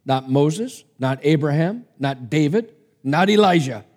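A man's voice: on the high side, expressive, measured pace, a little mellow. A man preacher reading the lines of Satan, a scheming, defiant fallen angel, in an emphatic, taunting way. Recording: long hall reverb.

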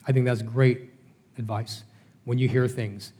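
A man's voice: medium pitch, fairly even intonation, a little slow, mellow. A middle-aged man preaching a Bible study sermon in a conversational way, asking rhetorical questions. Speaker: pastor.

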